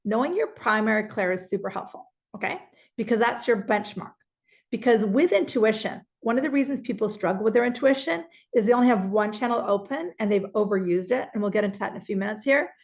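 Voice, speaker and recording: A woman spiritual teacher leading a slow guided visualization, then explaining it to an audience in the room and online. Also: mid-range voice. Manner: slow soothing guidance, then lively teaching. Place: spiritual center hall with online viewers. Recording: dull lo-fi sound.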